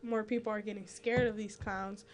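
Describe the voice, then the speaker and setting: A woman's voice: mid-range voice, fairly even intonation, moderate pace, slight background noise. Young woman co-host, rambling earnest chat. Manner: rambling, filler-heavy, earnest. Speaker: youth show co-host. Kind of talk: casual talk-show chat.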